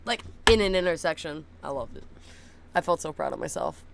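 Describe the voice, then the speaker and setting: A young woman chatting casually with viewers, blunt and swearing, laughing often, cooing softly at her dogs. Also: low-pitched, wildly swooping pitch, fairly quick, noisy background. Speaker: streamer.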